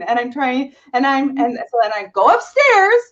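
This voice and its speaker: A woman's voice: sits high, sing-song, moderate pace, few pauses, muffled recording. A young woman co-host telling a dramatic story in casual chat, with gasps and laughs.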